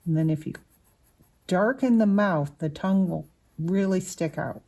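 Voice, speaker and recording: Slow, patient woman teaching children to draw. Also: on the low side, warm tone. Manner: patient, explains each step while drawing. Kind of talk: slow drawing lesson for children.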